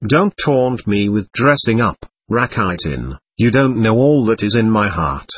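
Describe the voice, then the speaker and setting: A man's voice: fairly low pitch, expressive, a little slow, breathy edge. Man voicing a proud, volatile young woman. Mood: scornful. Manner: mood swings between tenderness and scorn.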